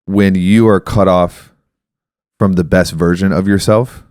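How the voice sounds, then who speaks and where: Podcast host, male, thirties, deep-pitched, reflective explainer, dry close sound. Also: steady tone, a little slow, a little mellow, no echo. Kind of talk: casual podcast conversation.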